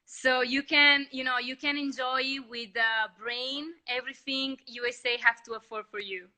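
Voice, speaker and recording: A woman from Italy with an Italian accent, chatting as a guest on a video call in friendly, halting English. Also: high voice, fairly even intonation, pushed and bright, low-quality recording. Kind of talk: casual video-call chat.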